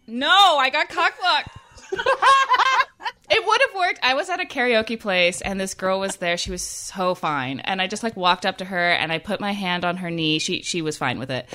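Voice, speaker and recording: A woman's voice: mid-range voice, normal speed. A woman telling funny stories in a casual chat, laughing often and talking with lots of energy. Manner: animated, laughing storyteller.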